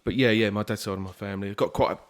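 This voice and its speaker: A man's voice: fairly low pitch, fairly even intonation, very fast. A young man from southeast England, a musician guest chatting casually in a podcast interview, easygoing and rambling with lots of fillers.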